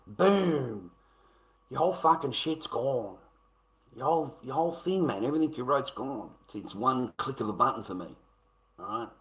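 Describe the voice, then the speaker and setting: An Australian man addresses his viewers directly in a meandering, foul-mouthed monologue, often repeating himself. He lurches between loud rants and quiet mutters, with lively intonation at a normal speed.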